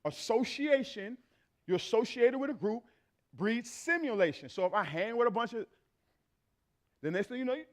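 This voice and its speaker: A man's voice: very high voice, animated, normal speed, fairly bright tone. A man preaching a sermon to a church congregation, conversational and emphatic, repeating his phrases for effect. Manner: conversational, acts out everyday exchanges.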